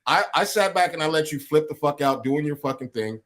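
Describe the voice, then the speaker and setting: A man co-hosting a podcast in loose, casual chat. His voice sits a little high for a man and swings all over the place as he gets going. His storytelling is animated and full of swearing, and he keeps slipping into mocking impressions of his co-host. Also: a little fast.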